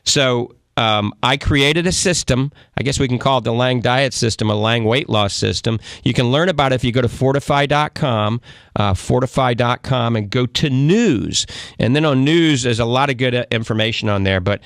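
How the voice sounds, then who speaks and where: A man with a Cajun New Orleans accent talks on a live radio call-in show in a chatty, folksy way, checking in with his listeners as he goes. His voice sits at a middling pitch. The sound is close and dry, with no room around it. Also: normal speed, a bit bright, no echo. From Louisiana. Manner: chatty, folksy, keeps saying "all right?". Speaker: radio talk show host and doctor.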